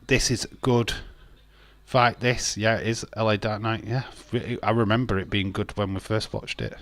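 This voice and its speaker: A man's voice: lowish voice, fairly even intonation, normal speed, fairly bright tone, no echo. A man chatting casually on a wrestling watch-along stream, rambling and blunt, with frequent laughs. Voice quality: rambling, blunt, repeats words, laughs often. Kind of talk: casual live-stream chat.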